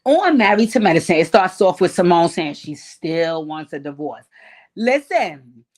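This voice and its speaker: A woman's voice: lowish voice, big pitch swings, normal speed, darkish tone. Brief: woman in her 40s, channel host, sassy and profane, casual reality TV recap, blunt asides.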